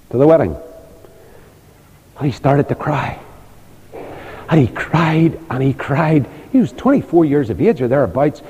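A man's voice: mid-range voice, dark tone, breathy edge. Older man preaching in a reverberant hall. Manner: storytelling, emphatic, rhetorical questions. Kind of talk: sermon.

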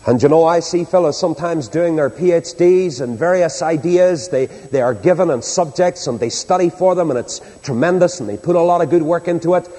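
A man preaching a sermon to a large congregation, swinging between loud exhortation and hushed appeal. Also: on the high side, a little fast, few pauses. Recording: long hall reverb.

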